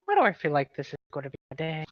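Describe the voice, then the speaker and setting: A woman's voice: sits low, wildly swooping pitch, rapid-fire, no room sound, lo-fi sound. A woman playing in an online tabletop game, joking and swearing freely over a call. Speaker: player. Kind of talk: casual chat over a voice call.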